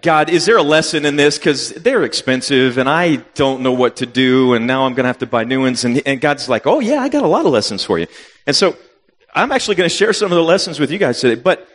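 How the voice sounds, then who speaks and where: A man in his fifties, a missionary telling a funny personal story in a sermon, acting out his own reactions with sudden loud jumps. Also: medium pitch. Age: 50s. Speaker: missionary preacher. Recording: long reverb of a hall.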